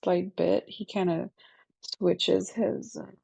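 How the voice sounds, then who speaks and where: A woman speaks in a hesitant way, searching for her words in casual chat. Her voice is husky and mellow with a gravelly creak. The sound is dry and close. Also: lowish voice, steady tone, takes it slowly, dry recording. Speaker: co-host.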